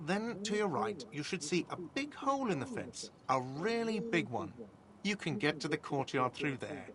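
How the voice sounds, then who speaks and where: A man's voice: fairly high pitch, big pitch swings, moderate pace. A man voicing a petulant, defensive male cafeteria manager in a video game. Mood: helpful. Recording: game audio over a crowd murmur.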